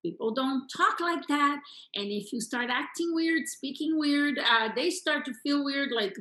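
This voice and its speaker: A woman with a fairly high voice coaches her listeners through sales objections, stressing each step and repeating the pattern. She often checks in with a quick "right?" The recording has a roomy echo around her. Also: sharp tone. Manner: emphatic, repetitive teaching with rhetorical checks. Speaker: sales trainer. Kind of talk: coaching lesson.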